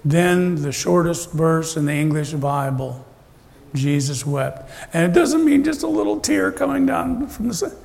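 A man's voice: on the high side, very animated, unhurried, gravelly, a little mellow. A man preaching a sermon in a church, talking conversationally and asking his listeners rhetorical questions. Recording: long reverb of a large hall.

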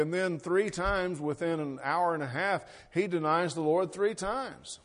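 A man's voice: on the high side, measured pace, hardly any pauses, a bit bright. A middle-aged man preaching a sermon, reading scripture and explaining it in a folksy, conversational way with rhetorical questions. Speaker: pastor.

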